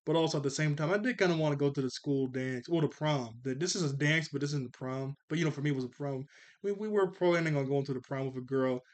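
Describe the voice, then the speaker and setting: Talking quickly in a voice on the high side, a twenty-something man gives a relaxed review of a cartoon episode. He rambles along and keeps correcting himself.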